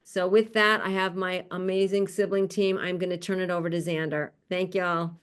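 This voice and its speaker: A woman hosts an online panel over a video call, introducing each guest warmly. She is chatty and laughs often, with friendly asides between names. Her voice sits slightly low for a woman. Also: level tone, moderate pace, clear, resonant tone. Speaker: panel host.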